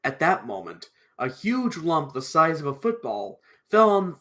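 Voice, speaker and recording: Male live-stream story reader, halting delivery, very lively pitch, sore throat. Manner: halting, with restarts and pauses. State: strained throat, clearing it often. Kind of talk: reading a children's book aloud on a live stream.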